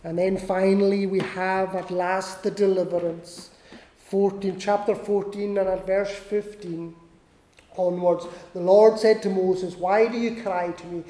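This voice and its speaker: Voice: mid-range voice, little pitch movement, unhurried, warm tone. A preacher delivering a sermon, repeating key lines for emphasis. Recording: echoey hall with long reverb.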